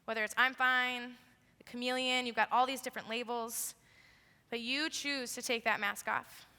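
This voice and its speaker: An earnest young woman delivers a youth sermon with emphatic stresses. Her voice sits high and bright. It rings with the long echo of a large hall. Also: fairly even intonation, moderate pace. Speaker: youth speaker. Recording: echoey hall.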